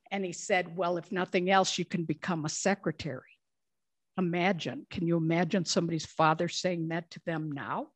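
A woman's voice: fairly low pitch, dry recording. A woman in her sixties from Minnesota, a guest telling humorous career anecdotes in an interview. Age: 60s. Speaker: guest speaker. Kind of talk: storytelling in interview.

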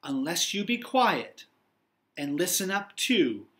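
A stern, prim woman librarian as a man puts her on from a children's storybook. She talks firmly and matter-of-factly, in a slightly high, lively and bright voice. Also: slow pace, full character voice. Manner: firm, prim, matter-of-fact.

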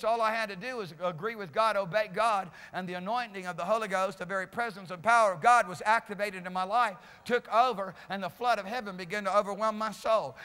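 A male pastor preaching a fiery sermon in a church, repeating phrases and swinging between shouts and low, quiet lines. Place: church sanctuary. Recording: reverberant church hall.

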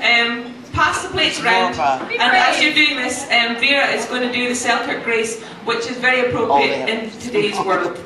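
A Scottish woman hosting a supper, reciting verse slowly and theatrically, then chatting to the diners. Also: a little high, animated. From Scotland. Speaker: host. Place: restaurant hall with diners. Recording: echoey room, far mic, crowd.

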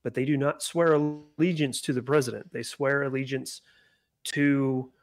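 A man's voice: mid-range voice, fairly even intonation, normal speed, no room sound, faint music behind. A man hosting a podcast in casual chat, explaining news stories and putting questions to his live chat. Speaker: podcast host.

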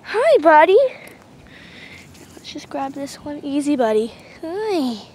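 A woman's voice: high-pitched, sing-song, takes it slowly, a little mellow. A young woman vlogging casually outdoors at a horse pasture, chatty and rambling, talking sweetly to her horses on a handheld camera. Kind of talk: casual vlog while doing chores. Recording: noisy outdoor recording.

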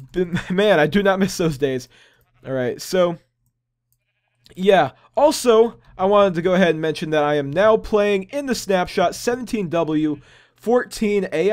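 Young guy rambling thru his game, kinda high voice, goofy upbeat asides. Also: darkish tone. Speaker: gaming channel host. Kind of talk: casual gameplay commentary.

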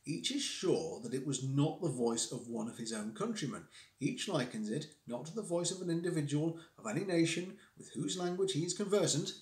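A man voicing a cool, analytical gentleman detective who reasons aloud in a measured, lecturing manner, read from a classic story on a livestream. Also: on the high side, expressive, natural voice. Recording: roomy echo.

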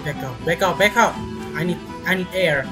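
A gamer commentating on play, reading tutorial prompts and shouting in exasperation. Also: mid-range voice, a little fast, music in the background, rough recording. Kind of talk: gameplay commentary.

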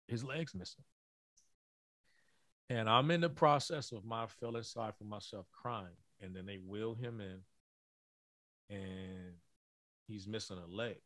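With a fairly low, fairly bright voice and no room sound, a middle-aged man speaks in a podcast interview. He played basketball in college and now tells a sincere story, halting often and repeating words.

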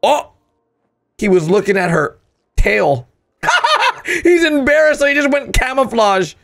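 A man hosting a casual reaction commentary in an excitable way, often bursting into loud laughter and gasps. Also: extremely high pitch, a little slow, gravelly. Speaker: host.

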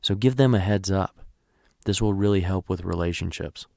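A man's voice: low-pitched, moderate pace, gravelly, a little mellow, dry recording, studio quality. A man teaching a recorded training lecture, conversational and often checking in with "right?".

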